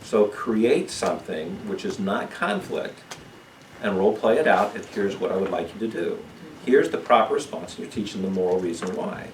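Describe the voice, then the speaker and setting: A man leading a church parenting seminar, explaining calmly and checking in with his listeners. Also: low voice, moderate pace, a little hiss or hum. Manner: calm, explanatory, asks "okay?" often. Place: church room. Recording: echoey room, mic far off.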